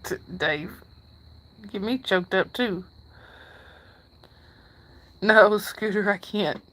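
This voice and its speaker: A woman's voice: mid-range voice, very slow, fairly bright tone. A middle-aged woman hosts a live stream in a casual chat. She reads out viewer comments, thanks people by name, and laughs often.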